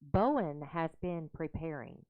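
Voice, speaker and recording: A woman's voice: low voice, animated, a little slow, phone-quality sound. A woman co-hosting a casual live chat, teasing and reading out viewer comments. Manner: teasing, laughs often, reads comments aloud. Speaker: co-host.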